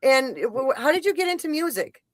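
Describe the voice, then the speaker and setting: A woman's voice: sits high, very animated, fairly quick, no echo. Woman podcast host, gushing, eager, rambling, dry close sound. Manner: gushing, enthusiastic, rambling with restarts. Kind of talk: casual interview chat.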